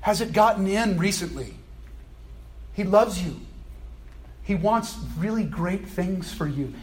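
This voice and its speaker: A male pastor preaching a sermon in a conversational, animated way, with playful asides, at a church service. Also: on the high side.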